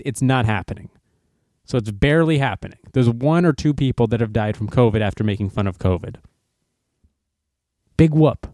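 Man, sarcastic news commentary, very lively pitch, dry close sound. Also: no room sound. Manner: sarcastic, animated, shifts into mocking voices. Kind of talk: casual commentary, reading news aloud.

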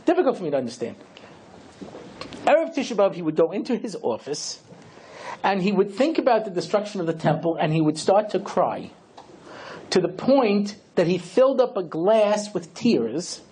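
A man's voice: on the high side, warm tone, breathy edge. A middle-aged man, a rabbi giving a chatty lecture full of asides and "you know".

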